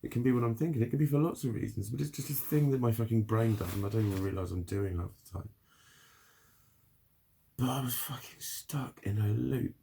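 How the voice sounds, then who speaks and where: A man's voice: medium pitch, a little fast, creaky, warm tone, slight background noise. A man rambling casually in a spoken video diary, swearing often and laughing between thoughts. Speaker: vlogger.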